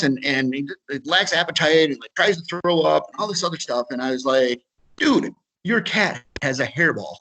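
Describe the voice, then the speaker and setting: A man's voice: a little high, pushed and bright, rough recording. Chatty Midwestern man telling a story. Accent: Upper Midwest American. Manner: casual, repeats words, acts out dialogue. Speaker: webinar speaker. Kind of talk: storytelling talk. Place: video webinar.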